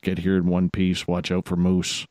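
A man hosts a casual radio chat in a low, deep voice. He rambles and jokes his way through shout-outs. The sound is dry and close, with no room around it. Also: completely flat delivery, moderate pace, no echo. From Canada. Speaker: radio show host.

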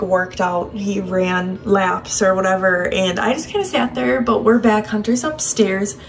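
A woman's voice: mid-range voice, vocal fry, a little hiss or hum. A young woman hosting a vlog, talking to camera in a chatty, eager way. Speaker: vlogger host. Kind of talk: casual talk to camera. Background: background music.

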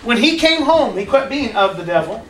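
A children's church teacher telling a Bible story to kids in a lively way and asking them questions. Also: mid-range voice, moderate pace, slight background noise. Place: church classroom. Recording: echoey room, far from mic.

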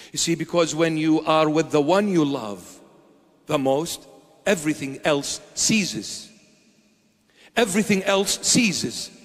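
A man's voice: fairly high pitch, big-room sound. A man preaching a sermon as a bishop, emphatic, firing off repeated rhetorical questions.

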